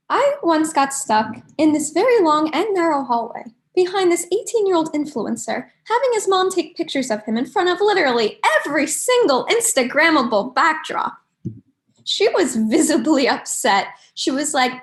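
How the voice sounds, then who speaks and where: Woman, stand-up comic, very high voice, bouncy delivery, chatty asides. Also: very animated. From New York. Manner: chatty, observational, quick asides. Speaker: stand-up comedian. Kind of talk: stand-up comedy set.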